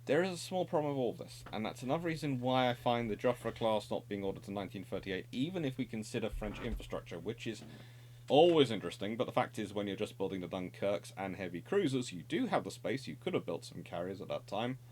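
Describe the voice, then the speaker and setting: Lively-voiced male naval history presenter. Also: on the low side, quick pace, a little hiss or hum. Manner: discursive, self-correcting, wry asides. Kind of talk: unscripted explanatory monologue.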